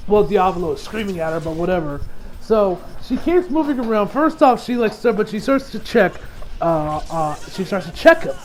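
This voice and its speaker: A man's voice: high voice, very animated, normal speed, soft background music. A man giving a casual, rambling episode recap as an anime reviewer, full of fillers and laughs.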